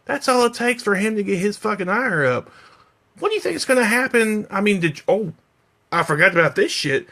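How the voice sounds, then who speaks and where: Tipsy guy going off on a live stream, swearing nonstop, gravelly and a bit high. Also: sing-song, brisk, pushed and bright. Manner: profane, heated, rambling. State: a little drunk. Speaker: vlogger. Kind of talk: drunken rant on a live stream.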